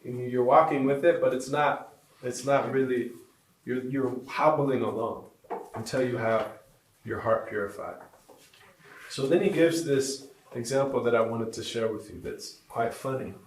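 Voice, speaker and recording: A man teaching a spiritual retreat group, telling stories in a lively, animated way. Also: medium pitch, a little slow. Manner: animated storyteller, laughs along with listeners. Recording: roomy, from a distance, faint noise.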